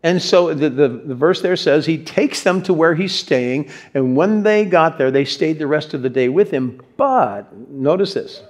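A male pastor giving a sermon, telling stories in an animated way and putting questions to his congregation. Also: a little high, unhurried, hardly any pauses. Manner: animated storyteller, acts out quotes, asks the audience questions. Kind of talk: sermon with personal storytelling.

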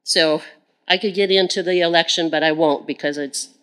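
A woman's voice: fairly low pitch, fairly even intonation, moderate pace, a bit bright, clear, resonant tone, low-quality recording. A woman giving an earnest sermon as a Bible teacher. She repeats phrases for emphasis and often turns to speak to God directly in prayer.

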